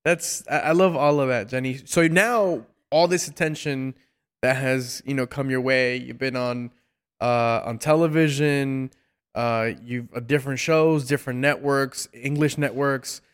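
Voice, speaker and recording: Smooth-voiced male interview host. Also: mid-range voice, steady tone, a little slow. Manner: warm praise, frequent fillers and repeated words. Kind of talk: casual interview chat.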